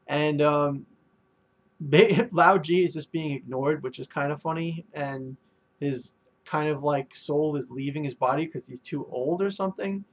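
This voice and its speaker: Rambling man with a higher voice. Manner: rambling, full of ums and likes. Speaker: manga reviewer. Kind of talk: casual chapter review.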